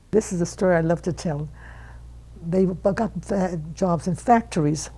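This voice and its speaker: A woman of one hundred telling stories from her life in an interview, animated and acting out the voices of her relatives. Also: lowish voice, moderate pace, slightly rough, rough recording. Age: 100. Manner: animated storyteller who acts out quoted relatives. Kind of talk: reminiscing storytelling.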